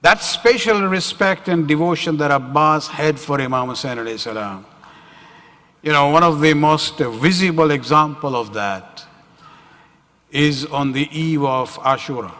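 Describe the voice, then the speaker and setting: Male religious speaker with a slightly high, bright voice, storytelling style with fillers, reverberant hall sound. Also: unhurried. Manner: storytelling, frequent "you know" and "uh" fillers. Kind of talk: religious lecture. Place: community center hall.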